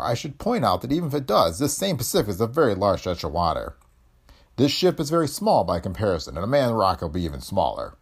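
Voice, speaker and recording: Man reading as a commanding ship captain, condescending, stately, lively pitch. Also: husky, full character voice. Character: commanding middle-aged male ship captain.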